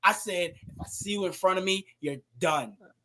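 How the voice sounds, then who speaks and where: A man's voice: high voice, normal speed, sharp tone, no room sound. A man chatting casually, eagerly jumping in with his own memory. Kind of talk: casual chat.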